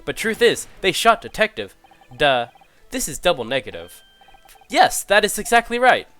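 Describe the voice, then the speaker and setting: A man's voice: sits high, sing-song, moderate pace, a bit bright, faint music behind, voice pushed up. A man voicing a blunt, suspicious foreign juror who speaks stiff broken English with dropped articles.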